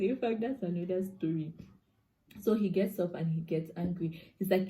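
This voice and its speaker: A young Cameroonian woman with a Cameroonian accent, casually telling a personal story to her viewers in an expressive, chatty way with touches of pidgin. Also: fairly low pitch, a little slow. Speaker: vlogger.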